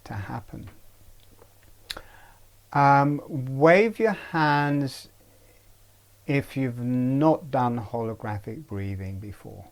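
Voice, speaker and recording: Slow, gentle man teaching breathing. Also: medium pitch. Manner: slow, gentle, halting with pauses. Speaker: meditation teacher. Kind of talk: webinar breathing instruction.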